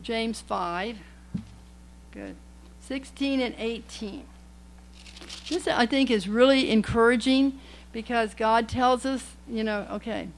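A woman's voice: a little high, takes it slowly, long pauses, a little hiss or hum, low-quality recording. Folksy, emphatic woman preaching. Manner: folksy, emphatic, rambling with restarts. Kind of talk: sermon.

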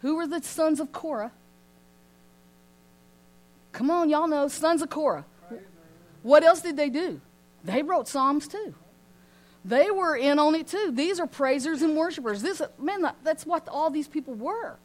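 A woman teaching an informal Bible study in a lively way, often laughing and asking her listeners questions. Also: high voice, measured pace, pauses often. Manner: animated, asks the group questions, laughs often.

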